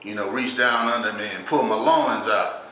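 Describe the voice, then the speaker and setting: A man's voice: lowish voice, normal speed, pushed and bright. A man playing a cheeky old uncle. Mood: wheedling. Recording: echoey room, distant mic, faint noise.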